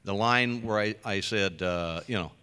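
Older man with a bright voice in a reverberant hall. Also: on the low side, unhurried, smooth. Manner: easygoing, self-deprecating, lots of fillers. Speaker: voice actor panel guest. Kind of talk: convention panel storytelling. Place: large convention hall.

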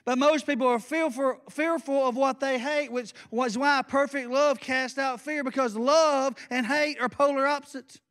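Intense high-voiced man preaching. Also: steady tone, moderate pace, hardly any pauses, a bit bright. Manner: intense, blunt and folksy. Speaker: pastor. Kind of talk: sermon. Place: church.

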